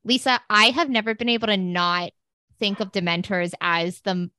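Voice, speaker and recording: A woman's voice: mid-range voice, steady tone, normal speed, pushed and bright, smooth, no room sound. Rambling woman in her thirties, dry close sound. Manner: rambling, filler-heavy storytelling. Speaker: podcast co-host. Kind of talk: casual chat.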